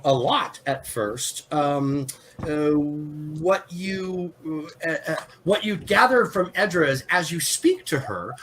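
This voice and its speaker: A man narrating a tabletop game as game master, halting with many fillers and restarts. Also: fairly high pitch, fairly bright tone, a little hiss or hum, low-quality recording.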